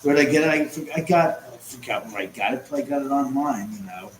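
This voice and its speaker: A man's voice: mid-range voice, animated, a little fast, roomy sound, slight background noise, low-quality recording. A man hosting a casual livestream chat from home, rambling and sarcastic and swearing often. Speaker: livestream host.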